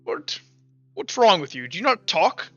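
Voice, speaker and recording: A man's voice: high-pitched, big pitch swings, measured pace, bright, forceful tone, no echo, muffled recording, soft background music, heavily acted. A man voicing a pompous, stern older male priest in a tabletop game, haughty and scolding.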